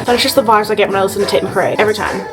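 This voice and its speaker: A woman's voice: mid-range voice, rapid-fire, music in the background. A woman vlogging casually at home to a phone camera, chatty and nervous, swearing freely. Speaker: beauty vlogger.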